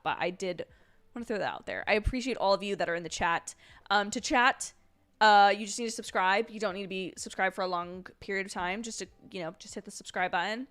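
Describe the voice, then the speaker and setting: A young woman hosting a casual watch-along livestream, chatty and rambling, with quick apologetic asides and a sleepy edge. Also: medium pitch, fairly bright tone, clear, resonant tone. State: sleepy, yawning. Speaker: livestream host.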